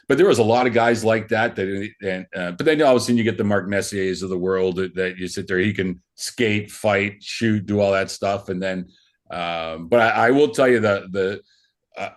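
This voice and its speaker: A middle-aged man telling stories as a podcast guest, rambling casually with lots of restarts and fillers. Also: on the low side. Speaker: podcast guest, former hockey player. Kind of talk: casual storytelling.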